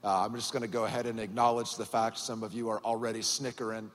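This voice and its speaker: A man's voice: lowish voice, little pitch movement, fast talker. Southern man preaching in a big echoing church. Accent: Southern US (Georgia). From Georgia, USA. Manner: folksy, joking, conversational. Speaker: guest pastor. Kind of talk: sermon. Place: large church auditorium. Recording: church hall reverb.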